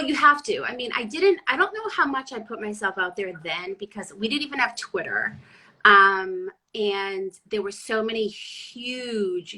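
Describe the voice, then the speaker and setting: A middle-aged woman from Boston talks bluntly and with plenty of animation in a casual interview chat. Her voice is bright, with a slightly husky grain to it. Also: medium pitch, poor audio. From Boston area, USA. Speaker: guest, chef and former sports reporter.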